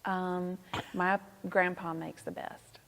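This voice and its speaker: Soft, slow-talking Southern woman with gravelly edges. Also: lowish voice, level tone, big-room sound. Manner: soft-spoken, thoughtful, laughs often. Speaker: pastor, interview guest. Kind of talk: casual interview.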